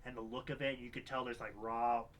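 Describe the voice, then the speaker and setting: A young man co-hosting a podcast, chatting casually about a film, rambling with many restarts and sudden animated outbursts. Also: medium pitch, fairly quick, a little hiss or hum. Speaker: podcast co-host. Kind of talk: casual film review chat.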